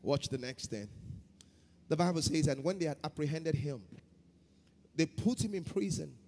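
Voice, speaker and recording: A man preaching a sermon as pastor, shifting between loud chanted prayer and quiet storytelling. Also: fairly high pitch, animated, normal speed, big-room sound. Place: church hall.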